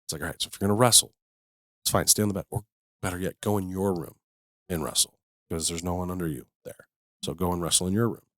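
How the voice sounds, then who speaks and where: A man's voice: low-pitched, fast, a bit bright, no room sound, clean studio sound. A man co-hosting a casual podcast, telling stories about his kids and swearing casually. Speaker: podcast co-host. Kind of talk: casual chat.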